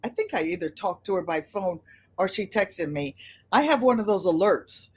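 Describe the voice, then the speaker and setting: A woman's voice: lowish voice, expressive, normal speed, slightly rough. Older woman hosting a livestream, rambling casual chat, welcomes viewers by name. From United States. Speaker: livestream host.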